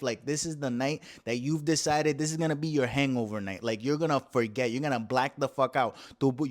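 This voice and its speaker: A man from Puerto Rico with a Puerto Rican accent, hosting a profane, animated comedy monologue that switches between English and Spanish. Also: fairly high pitch. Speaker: comedy show host.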